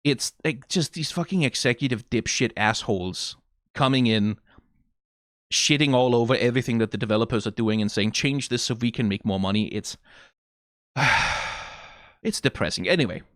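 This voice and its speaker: A man's voice: mid-range voice, normal speed, long pauses, fairly bright tone, dry recording, studio quality. A man with a Danish accent giving casual, rambling reaction commentary, swearing freely and saying "like" often. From Denmark. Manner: rambling and profane, lots of "like". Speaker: reaction video host.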